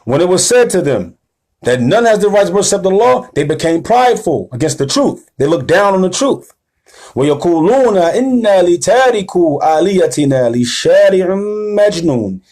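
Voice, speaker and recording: A religious teacher with a high voice and big pitch swings delivers a sermon-style lecture at a fairly quick pace. He's emphatic and slangy, checks in with listeners often, and grows rousing, rising and louder at the call to action.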